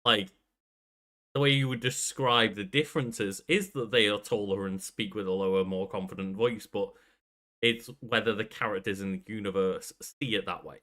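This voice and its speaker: A man's voice: lowish voice, fairly even intonation, normal speed, pushed and bright. A young adult man co-hosting a podcast, talking in a laid-back, musing way. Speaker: podcast co-host. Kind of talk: casual chat.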